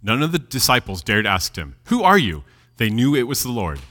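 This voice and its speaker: A man preaching a sermon, reading scripture aloud and explaining it with animated delivery, dropping his voice low at key moments. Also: normal speed. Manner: lively, animated preaching with dramatic drops in volume. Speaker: pastor. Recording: long hall reverb.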